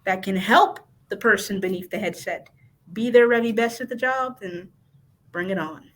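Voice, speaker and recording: A woman's voice: medium pitch, moderate pace, fairly bright tone, low-quality recording. A woman dispatch training technician speaking as a podcast guest, earnest and emphatic, repeating her points and laughing along. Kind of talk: casual podcast interview chat.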